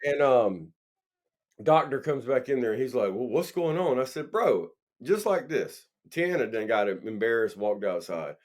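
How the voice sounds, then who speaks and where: A man's voice: mid-range voice, measured pace. A man co-hosting a casual podcast, telling stories with profanity and acting out the dialogue. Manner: animated, profane, acts out dialogue. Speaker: podcast co-host. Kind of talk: casual storytelling chat.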